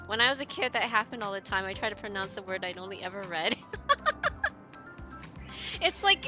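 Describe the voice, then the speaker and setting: A woman streamer chatting casually with viewers, rambling and giggling often as she mocks herself. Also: mid-range voice. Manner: giggly, rambling, self-mocking. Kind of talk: casual gaming stream chat.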